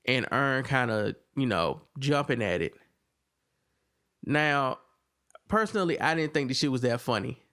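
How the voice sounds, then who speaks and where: A man co-hosting a podcast, casually recapping an episode and jumping up in pitch when he acts out the characters' lines. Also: smooth. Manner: animated retelling, acts out characters' lines in a raised voice. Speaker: podcast co-host reviewing a TV episode. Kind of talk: casual chat, recapping scenes.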